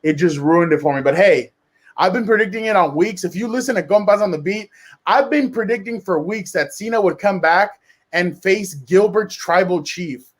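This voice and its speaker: A man with a fairly high voice chats eagerly on a sports round table. He rambles and restarts, piling one thought on the next. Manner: excited, rambling, with quick restarts. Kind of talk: casual sports chat.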